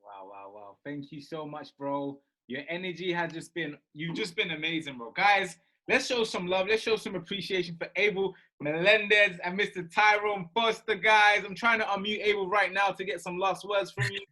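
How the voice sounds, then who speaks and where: A man's voice: sits high, normal speed, few pauses. A man with a London accent hosting a live stream, gushing with thanks and praise. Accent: London English. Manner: warm thanks, effusive, gushing. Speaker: host.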